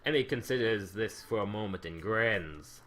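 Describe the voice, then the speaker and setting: A man's voice: fairly low pitch, lively intonation, moderate pace, fairly bright tone. A man hosting a let's play, reading a visual novel's narration aloud with wry ad-libs. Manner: wry, ad-libbing between narration.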